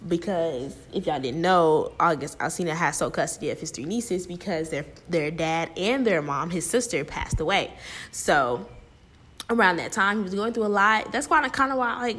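A young woman ranting and gossiping to her viewers in a blunt, profane, animated way. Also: on the low side. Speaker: vlogger. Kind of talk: casual rant and gossip.

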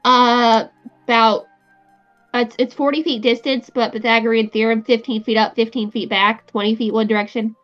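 A woman plays a tabletop game, firing off blunt questions about the rules. Her voice sits fairly high. The recording sounds dull and lo-fi, with faint music underneath. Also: little pitch movement, a bit bright. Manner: quick, blunt questions, swears casually. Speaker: player. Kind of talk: casual tabletop game play.

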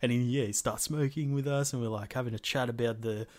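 A man's voice: medium pitch, fairly even intonation, fast talker. A man co-hosting a podcast, telling a gaming story in a laid-back way and swearing freely. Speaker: podcast co-host. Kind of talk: casual storytelling chat.

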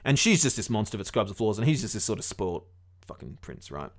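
A man's voice: on the low side, big pitch swings, fast. A man casually retelling a fairy tale to his podcast co-host, rambling and swearing along the way. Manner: rambling, swears often, many fillers.

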